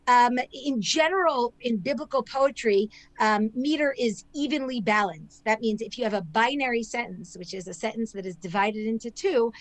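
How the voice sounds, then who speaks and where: A woman's voice: on the high side, no echo, poor audio. A woman scholar and author, a guest on a podcast interview, explaining in a lecturing way and often checking in with "right?". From not Israel; immigrated there.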